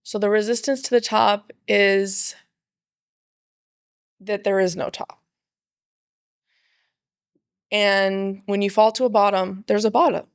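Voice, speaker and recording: Playful woman with a gravelly edge. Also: medium pitch, steady tone, measured pace, no echo, clean studio sound. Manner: playful, acts out her own inner voice. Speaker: podcast guest. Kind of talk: casual chat.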